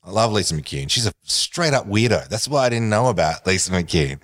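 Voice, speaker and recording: A man with a lowish voice spins an animated anecdote. He laughs often and acts out the people in his story. He sounds middle-aged and relaxed in casual talk. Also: brisk. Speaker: guest.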